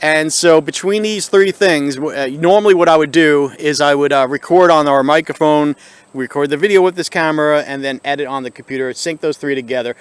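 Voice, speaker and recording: A video host rants straight to his viewers in exasperated, sarcastic vlog commentary, picked up by a built-in camera microphone. His voice is fairly high, brisk, clear, and resonant, with no echo.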